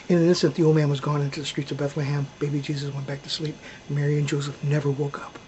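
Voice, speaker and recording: A man's voice: fairly high pitch, fairly even intonation, fast, hardly any pauses, a little hiss or hum, rough recording. A man telling a heartfelt story to his children, dramatic, often dropping to a whisper and swelling at tense moments.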